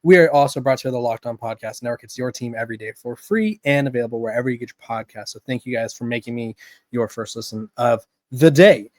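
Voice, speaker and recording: A man hosts a daily sports podcast and talks through the news in a loose, rambling way. His voice sits at a middle pitch. The sound is dry and close. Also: quick pace, a little mellow, dry recording. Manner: conversational, rambling with fillers and restarts. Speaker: podcast host. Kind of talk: casual sports podcast commentary.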